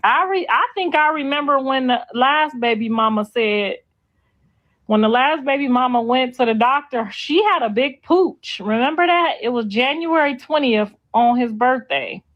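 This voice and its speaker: A woman's voice: high voice, animated, normal speed, muffled recording. A middle-aged woman hosting a casual gossip livestream, blunt, sassy and freely profane. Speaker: host.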